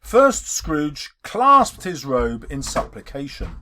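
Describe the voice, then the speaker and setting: A male English teacher giving a literature lesson, explaining in an emphatic, expressive way. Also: mid-range voice, slow, noisy background.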